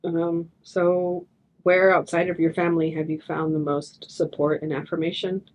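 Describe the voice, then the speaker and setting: A woman asking halting interview questions for an oral history project. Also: lowish voice, little pitch movement, darkish tone, rough recording.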